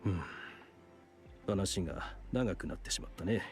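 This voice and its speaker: An actor playing a smooth, self-serving middle-aged male doctor in a video game, calm and polite in a matter-of-fact way. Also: low-pitched, a little fast, soft background music, lightly acted. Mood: explaining. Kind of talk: game voice acting.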